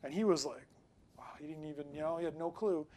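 A man preaching a sermon in a casual, conversational way, telling a personal story and swinging between loud emphasis and quiet asides. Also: fairly high pitch, fast, a little hiss or hum. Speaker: pastor.

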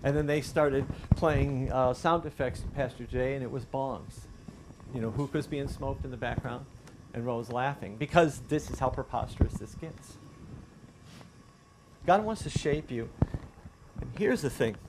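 A middle-aged man delivers a sermon like a story told among friends, circling back and restarting his phrases as he goes. His voice sits at an ordinary pitch. The recording has a clear hiss of background noise. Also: measured pace. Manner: conversational storytelling with frequent restarts. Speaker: pastor.

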